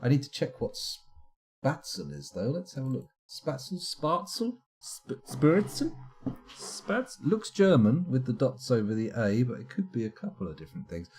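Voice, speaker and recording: A man's voice: mid-range voice, big pitch swings, moderate pace, dark tone. A man streaming a game live, chatting and rambling to himself as he plays. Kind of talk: live let's-play commentary.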